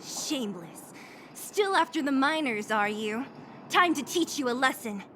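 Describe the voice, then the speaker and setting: A scornful fighter in a game, taunting cowardly bandits. Her fairly high voice rises and falls with lively contempt. A faint hum runs behind. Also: unhurried. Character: scornful woman confronting bandits. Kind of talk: video game voice acting.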